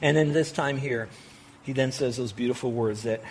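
A man preaching a sermon as pastor, earnestly acting out prayers and dropping between loud and hushed delivery. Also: medium pitch, normal speed, slight background noise.

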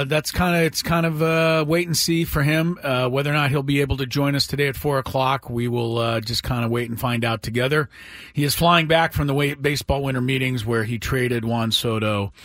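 A man hosting a sports radio show, talking in a relaxed way with many "uh"s. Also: mid-range voice, no echo, clean studio sound.

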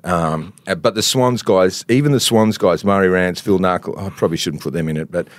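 A man's voice: sits low, brisk, dry recording. An Australian man co-hosting a casual sports talk show, telling anecdotes and laughing often. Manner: laughs often, tells anecdotes with mimicked quotes. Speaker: co-host, former footballer and columnist. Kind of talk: casual podcast banter and storytelling.

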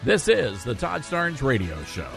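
A man hosting a radio talk show, upbeat and jokey, often filling pauses with uh. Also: mid-range voice, huge pitch swings, gravelly, loud music behind the voice. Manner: jokey, upbeat, many filler uhs. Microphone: studio mic.

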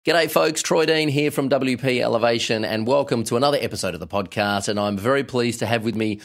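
A man's voice: medium pitch, brisk, faint music behind. An Australian man hosting a podcast, introducing and interviewing a guest in an upbeat, friendly way. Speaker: podcast host.

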